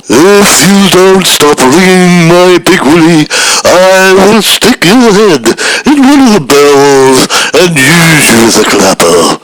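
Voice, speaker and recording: A possessive hunchback monster of the bell tower, as a man puts him on, growling his threats in a slow, stretched-out drawl. The voice sits somewhat high and swings widely in pitch. It plays as a theatrical, hammy comic pastiche. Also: no room sound, rough recording. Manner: theatrical, drawn-out menacing delivery. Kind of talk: comic radio-style pastiche.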